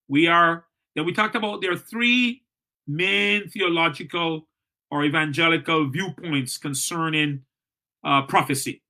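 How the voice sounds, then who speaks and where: Bright, high-voiced male Bible teacher. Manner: earnest, repeats key points, asks and answers his own questions. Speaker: pastor teaching Bible study.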